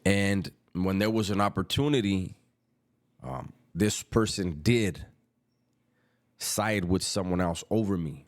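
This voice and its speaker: A middle-aged man, telling a story about prison in casual street slang, unhurried and reflective. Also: deep voice.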